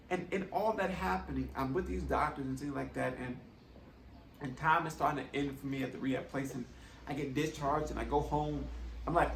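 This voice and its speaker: A man's voice: a little high, fairly quick, creaky, fairly bright tone, recorded from a distance, a little hiss or hum. Earnest man telling his story, roomy echo. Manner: earnest, conversational, tags with "right?". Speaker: vlogger. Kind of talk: personal testimony storytelling.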